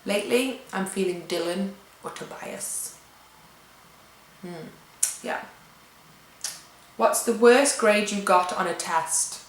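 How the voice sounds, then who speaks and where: Young english girl reading out tag questions and answering quick, british accent, roomy echo. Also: medium pitch, slight background noise. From England. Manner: chatty, reads questions aloud and answers offhand. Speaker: vlogger. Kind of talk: casual tag video chat.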